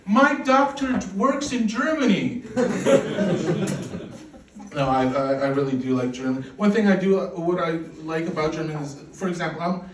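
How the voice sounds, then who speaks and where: A man in his forties from Poland delivers a deadpan, self-deprecating stand-up set with a fairly high voice. He sounds distant from the microphone in an echoey club, and loud noise sits under the recording. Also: quick pace, few pauses. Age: 40s. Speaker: stand-up comedian. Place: comedy club stage with audience laughter.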